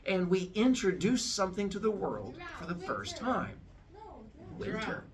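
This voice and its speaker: A man's voice: very animated, unhurried, recorded from a distance. A man casually retelling an old myth as a comic story, playfully switching into character voices. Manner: playful, jumps into high squeaky voices for characters. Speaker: storyteller host.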